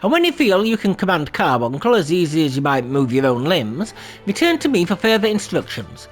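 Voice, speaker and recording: Guy doing formal magic guild master, high voice, lots of lilt. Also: sing-song, soft background music, poor audio. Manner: formal, measured speech.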